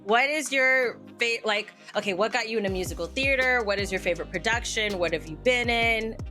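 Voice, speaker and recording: A woman's voice: on the high side, brisk, sharp tone, soft background music. A woman hosting a podcast, asking questions in a chatty, gushing way with many fillers. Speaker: podcast host. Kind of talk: casual podcast interview.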